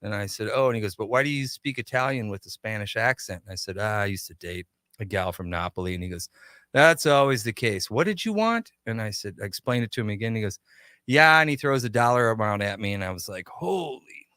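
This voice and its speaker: A man guesting on a radio talk show, telling stories about his shop with lively quoted dialogue, in a studio. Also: lowish voice, fast talker, clear, resonant tone, no room sound. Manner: animated anecdotes with quoted dialogue. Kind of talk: casual radio interview storytelling.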